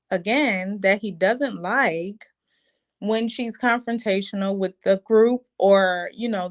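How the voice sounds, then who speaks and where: A woman's voice: mid-range voice, a bit bright. A woman recapping a reality show episode in a chatty, opinionated, slangy way. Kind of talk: casual show recap commentary.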